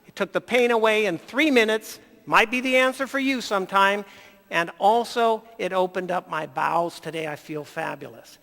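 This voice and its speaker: A man telling stories in a folksy, animated health talk. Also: high-pitched, normal speed, gravelly, big-room sound.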